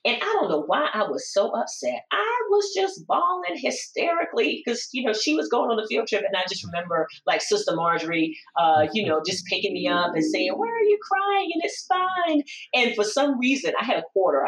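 A woman guest in an interview, reflecting on her life in an expressive, storytelling way, full of restarts and "you know". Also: fairly low pitch, fast talker, hardly any pauses, distant mic. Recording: roomy sound, voice off-mic.

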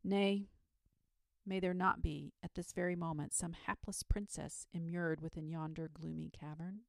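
A woman's voice: lowish voice, steady tone, moderate pace, vocal fry, no echo. A woman voicing a solemn, old-fashioned knight with a frank, courtly way of talking, in a storybook reading. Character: grave, courtly adult male knight.

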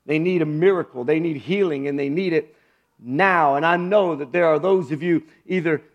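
A man preaching a sermon as pastor, moving from low hushed phrases to loud high exclamations. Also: moderate pace, highs cut off.

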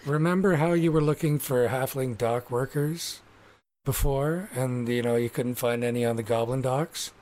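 A man's voice: mid-range voice, normal speed, a little mellow. Man narrating as game master. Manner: descriptive, rambling with fillers.

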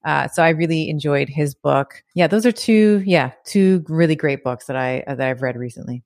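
A middle-aged woman, a podcast guest, talking in a lively, chatty way with frequent laughs, fillers and restarts. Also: deep voice, moderate pace, no room sound, studio quality. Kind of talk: casual interview chat.

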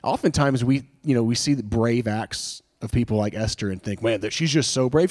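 A man delivers a sermon in an earnest, conversational way. He restarts his phrases and asks his listeners rhetorical questions. His voice sits at a medium pitch. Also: normal speed, few pauses, darkish tone. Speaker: pastor.

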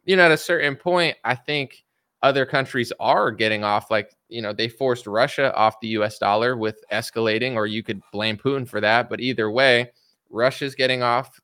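A man talks straight into the mic in an opinionated commentary vlog, rambling through his points with plenty of filler words. His voice is bright and forceful. The sound is dry and close, with no room around it. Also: mid-range voice, fairly even intonation, moderate pace, smooth, no room sound. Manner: rambling, opinionated, frequent "like" and "you know"; mocking quoted voices of media and politicians.

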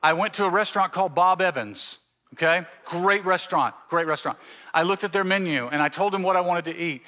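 A pastor from the Mississippi Gulf Coast preaching a sermon, telling stories and acting out the dialogue in them. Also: male voice, high voice, a little fast, sharp tone. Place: church sanctuary.

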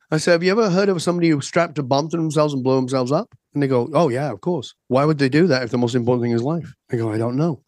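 Animated storytelling man, dry close sound. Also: a little high, no room sound. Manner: acts out dialogue in quick back-and-forth, emphatic. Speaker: transformation coach, guest.

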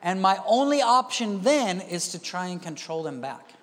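A male pastor giving a conversational sermon, dropping to quiet asides and rising to loud emphatic bursts. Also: high voice, sing-song, moderate pace. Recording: reverberant hall.

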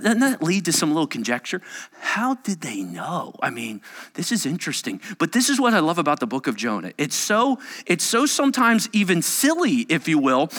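A middle-aged man preaching a sermon, animated and acting out the voices of the people he quotes. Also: sits high. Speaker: pastor.

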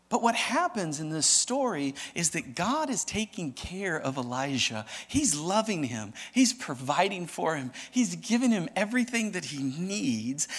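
A male pastor preaching a sermon in an animated, dramatic way, often asking the audience questions. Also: on the high side, long reverb tail.

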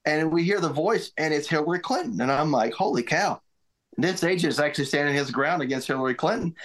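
A middle-aged man, a former military aide, recounting memories in a casual interview, halting and restarting often. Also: on the high side, lively intonation, fairly bright tone. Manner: halting, many restarts and repeated words. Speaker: guest, former White House military aide.

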